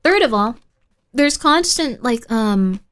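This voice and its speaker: Woman streamer, casual live-stream chat, fairly high voice, rambling with fillers. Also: animated, slow, fairly bright tone. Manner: chatty, rambling with many fillers.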